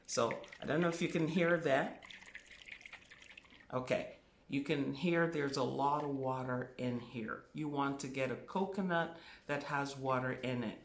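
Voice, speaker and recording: Spiritual teacher leading a class: unhurried, emphatic, repeats key words; roomy echo. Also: medium pitch.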